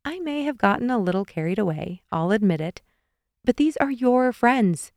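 A bubbly young woman who apologizes and teases with lively, lifting lines, as a woman narrator reads her. The voice comes across smooth and close, with a dry sound. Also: moderate pace, dry recording, lightly acted. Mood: playful. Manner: lively, higher and brighter.

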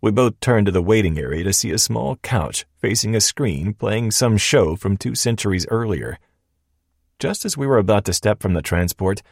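A man narrating a first-person audiobook in a steady, measured way. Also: low voice, dry recording, clean studio sound.

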